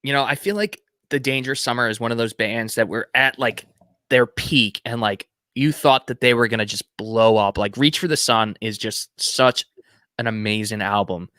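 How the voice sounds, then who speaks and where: A man's voice: mid-range voice, moderate pace, pushed and bright, dry recording, clean studio sound. A man co-hosting a music podcast, chatting eagerly with many "like"s. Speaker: podcast co-host. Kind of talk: casual music podcast chat.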